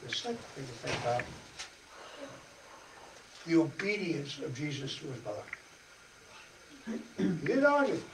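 A man giving a folksy church study-group talk, chatting and acting out dialogue with laughs. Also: a little high. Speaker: parish presenter. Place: church meeting room. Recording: echoey church hall from far off, faint hiss.

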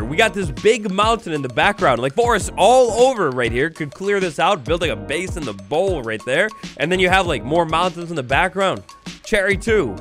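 Excitable man with a lively high voice. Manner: excitable, jokey, theatrical mock outrage. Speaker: Minecraft let's play host. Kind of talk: upbeat gameplay commentary.

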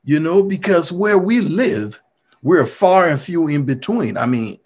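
A man's voice: fairly high pitch, animated, a little slow, a little mellow, breathy edge. A middle-aged man from Liberia with a Liberian accent gives an earnest, motivational storytelling talk. He sometimes repeats words to press a point. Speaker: mayor giving a talk.

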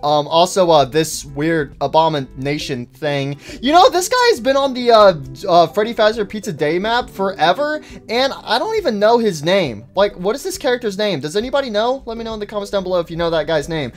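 A man giving excitable gameplay commentary as a YouTuber, with frequent fillers. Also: high voice, fairly quick, hardly any pauses, faint music behind. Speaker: gaming YouTuber.

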